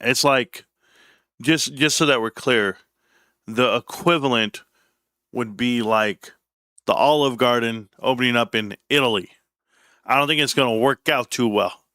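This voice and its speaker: A man's voice: medium pitch, a little slow, long pauses, bright, forceful tone, no echo, studio quality. A man hosting a casual livestream, rambling and joking irreverently as he talks. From United States. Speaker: livestream host. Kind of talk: casual stream commentary.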